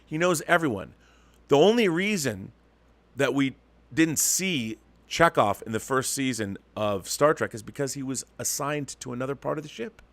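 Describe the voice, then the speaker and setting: A man delivers an opinionated solo commentary in an emphatic, ranting way, often restarting and repeating words as he presses his point. His voice sits at an ordinary middle pitch. The sound is dry and close, with no room echo. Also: expressive, moderate pace, fairly bright tone. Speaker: show host.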